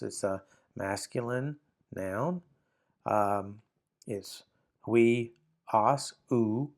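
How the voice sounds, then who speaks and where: A man's voice: on the low side, darkish tone. A man teaching a Bible Greek lesson, explaining step by step with frequent ums and reading aloud from a textbook. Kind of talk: walking through a textbook lesson.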